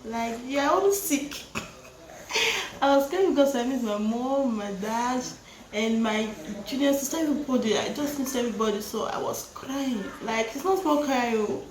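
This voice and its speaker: A woman's voice: fairly high pitch, moderate pace, slight background noise. Chatty Nigerian woman vlogging in echoey kitchen. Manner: chatty, laughs often, mixes Yoruba phrases into English. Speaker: vlogger and mother. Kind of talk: casual chat while cooking. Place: home kitchen.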